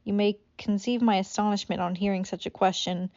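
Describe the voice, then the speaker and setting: A woman's voice: mid-range voice, fairly even intonation, brisk, darkish tone, dry recording, dull audio. A woman reading a classic novel aloud as an amateur audiobook, stumbling over words and breaking off for swearing asides. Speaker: audiobook reader.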